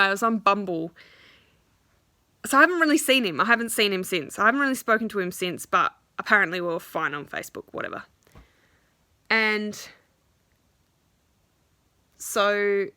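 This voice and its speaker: A young woman vlogger with a bright, forward, mid-range voice rants straight at her audience, frustrated and casual. She swears often and acts out what other people said, and the close, dry recording has no room sound.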